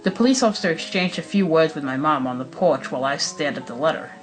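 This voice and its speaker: A man reads a first-person horror story aloud, measured and dramatic. Steady background music plays under his voice. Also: a little high, poor audio. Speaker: narrator.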